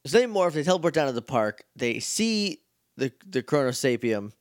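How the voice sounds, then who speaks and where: A man's voice: medium pitch, big pitch swings, moderate pace, no echo, clean studio sound. A man co-hosting a podcast, chatting casually as he recaps an episode and slips into playful quotes. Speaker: podcast co-host.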